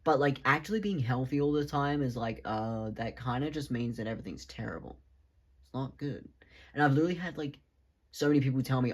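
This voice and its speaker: A man's voice: medium pitch, fairly quick. A man, talking in a rambling, casual monologue for his vlog, swearing freely. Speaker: vlogger.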